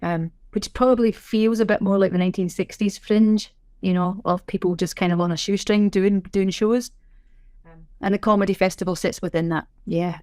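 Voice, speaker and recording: A middle-aged Scottish woman, a sign language interpreter, chatting in a podcast interview with a lively, self-deprecating way of telling things. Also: mid-range voice, normal speed, no room sound, clean studio sound. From Scotland. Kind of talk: casual interview chat.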